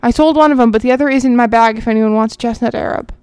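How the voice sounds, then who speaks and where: A woman's voice: on the high side, racing, a little mellow, smooth, no room sound. A woman, chatting casually to viewers as she plays a horse game, rambling and talking to herself along the way. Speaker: gaming channel host. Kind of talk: casual gameplay commentary.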